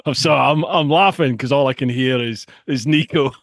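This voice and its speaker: A man hosting a podcast, chatting casually and reading out listener messages, with quick upbeat interjections over a video call. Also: medium pitch, creaky, no echo, studio quality. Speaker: podcast host.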